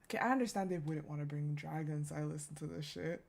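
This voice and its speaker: A woman's voice: deep voice, fast, vocal fry, darkish tone. A woman streamer reading a game story aloud, breaking off to laugh, swear and react. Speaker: gaming streamer.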